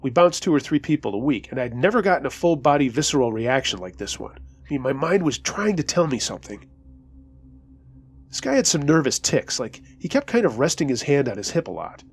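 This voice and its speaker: A man's voice: medium pitch, big pitch swings, a little fast, slightly rough. Man narrating a tense true story. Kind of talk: first-person scary story narration.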